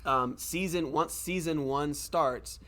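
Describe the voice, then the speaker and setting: A man who owns a gaming lounge, calmly explaining tournament details with frequent ums in a casual interview. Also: a little high, takes it slowly, a crowd in the background. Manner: explains plainly, with many ums and rights.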